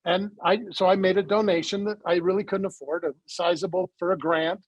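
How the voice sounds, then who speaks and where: A man with a high, husky voice talks as a guest on an interview, recorded close in a dry, dead space. He tells his story in a lively way and acts out the conversations as he goes. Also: brisk, no room sound, rough recording. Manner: animated storyteller who acts out quoted dialogue. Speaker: interview guest, supplement company founder.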